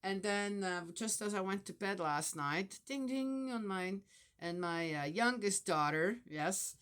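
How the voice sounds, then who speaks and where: A woman's voice: mid-range voice, expressive, unhurried, a bit bright, smooth. An older woman with grandchildren talking casually about family and faith, rambling with many fillers and restarts. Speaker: vlogger. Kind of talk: casual spiritual reflection.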